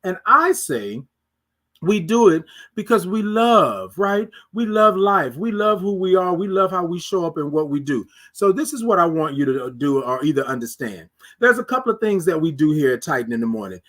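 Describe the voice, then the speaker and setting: High-voiced man hosting a morning livestream. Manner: animated, drawn-out greetings, preacher-like repetition. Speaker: livestream morning show host. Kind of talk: casual live-stream chat reading comments.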